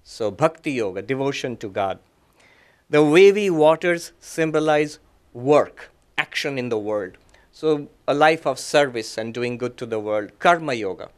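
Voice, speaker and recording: A middle-aged man, a monk, giving a talk that mixes teaching with personal stories, in short phrases with frequent pauses and soft chuckles. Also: medium pitch, animated, clear, resonant tone. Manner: gentle, reflective, chuckles softly at his own anecdotes. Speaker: monk and guest speaker. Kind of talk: lecture with personal storytelling.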